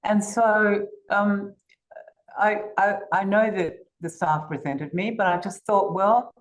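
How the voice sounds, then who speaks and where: A woman's voice: mid-range voice, steady tone, slow, low-quality recording. An older woman with an Australian accent, a guest telling stories in a podcast interview in an assured way. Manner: assured, storytelling, occasional restarts.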